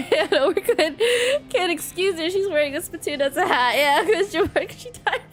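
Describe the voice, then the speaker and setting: A woman's voice: very high voice, moderate pace, soft background music. A bubbly young woman streaming a game, chatting with her viewers and reading the game's text aloud. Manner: bubbly, giggly, lively. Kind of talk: live game stream chat.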